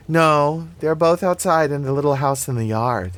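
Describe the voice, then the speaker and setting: A man voicing a small, blunt little girl who answers flatly while distracted in a read-aloud story. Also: on the high side, moderate pace, no room sound, pitched above the performer's own voice, lightly acted.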